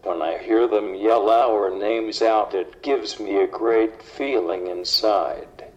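A man speaking through a computerized synthetic voice, with flat, evenly spaced delivery. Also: lowish voice, takes it slowly. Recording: dull lo-fi playback.

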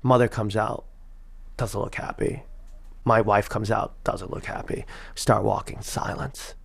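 A man in his thirties telling a personal story in the first person, animated and acting out the people in it. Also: fairly low pitch, measured pace, gravelly, slight background noise. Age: 30s.

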